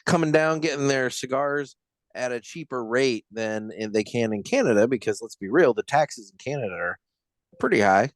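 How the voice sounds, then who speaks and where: A man hosts a podcast in a casual, lively voice that swings widely in pitch. The sound is close and dry, with no room echo. He reacts quickly and curses when he is surprised. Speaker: podcast host. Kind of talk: casual chat.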